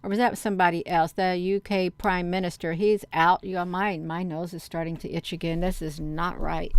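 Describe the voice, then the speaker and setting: A woman's voice: fairly low pitch, steady tone, normal speed, hardly any pauses, smooth. A woman chatting casually to her viewers, rambling through online rumors with lots of fillers, calling them "you all.". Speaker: vlogger.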